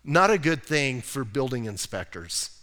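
A man's voice: mid-range voice, very animated, unhurried, bright, forceful tone. A man preaching a sermon as pastor, in a conversational, folksy way with casual asides. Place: church sanctuary. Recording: long reverb of a church hall.

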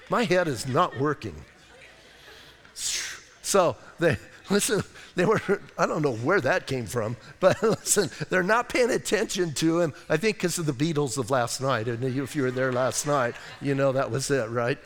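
A pastor preaching a conversational sermon, often saying "listen" and dropping in joking asides. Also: male voice, on the high side, animated, a little slow, a bit bright, in a large hall. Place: church sanctuary.

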